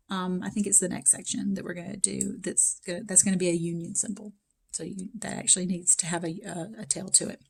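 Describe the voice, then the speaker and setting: Female math instructor, slightly hoarse, easygoing explanatory lecture delivery with fillers. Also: medium pitch, darkish tone. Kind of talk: recorded lecture.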